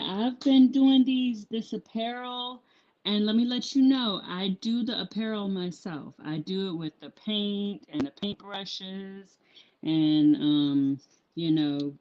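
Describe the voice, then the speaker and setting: Slow, rambling woman on a lo-fi stream. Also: lowish voice, darkish tone. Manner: rambling, with many ums and restarts. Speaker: small business owner vlogging. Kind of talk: casual live-stream chat. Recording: dull lo-fi sound.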